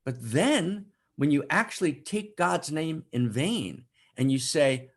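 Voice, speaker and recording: A man hosting an online spiritual broadcast, fervent and impassioned, swinging from loud declarations to hushed asides and keeping up a constant tag of "right?". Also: on the high side, expressive, slow pace. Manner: keeps adding "right?" as a tag. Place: home setup for an online broadcast.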